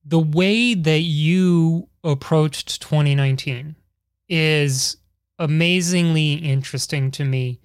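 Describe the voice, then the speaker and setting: A man's voice: fairly high pitch, takes it slowly, clean tone, no room sound, clean studio sound. A man hosting an interview, asking long, rambling questions with chatty asides. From Chicago area. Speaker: podcast host. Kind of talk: casual interview.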